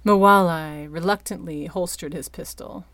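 Slow, low-voiced woman narrating. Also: steady tone, gravelly, a bit bright, no room sound. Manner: slow, deliberate storytelling. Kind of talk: audiobook narration.

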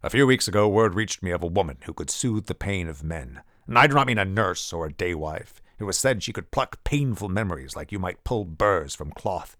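A man's voice: low-pitched, expressive, fairly quick, few pauses, fairly bright tone, no echo, studio quality. A man reading an audiobook, voicing a proud older general who is demanding and snappish. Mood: grim. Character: gruff proud older male general, blustering.

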